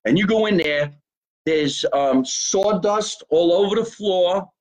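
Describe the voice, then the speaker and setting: An animated podcast host, talking in a slightly higher voice than most men. He chats casually and swears freely as he chats from a basement. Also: slow pace, rough recording. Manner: animated, profane, plugging a local deli. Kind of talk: casual live-stream chat.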